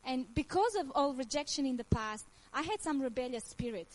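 Her voice high and expressive, a woman in her thirties with a Croatian accent tells her personal faith testimony a little fast. The audio is poor, but her earnest, nonnative English comes through full of feeling and frequent laughter.

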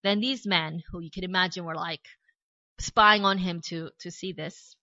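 An Australian woman preaching a sermon, retelling a Bible story with lively storytelling and casual asides. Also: fairly low pitch, moderate pace, dry recording. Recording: dry, slightly dull recording.

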